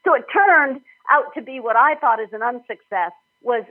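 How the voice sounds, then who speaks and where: Husky-voiced woman on a tinny line. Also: on the high side, lively intonation, moderate pace. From Minnesota, United States. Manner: warm, enthusiastic, laughs often. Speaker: author and nutrition guest. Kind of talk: podcast interview.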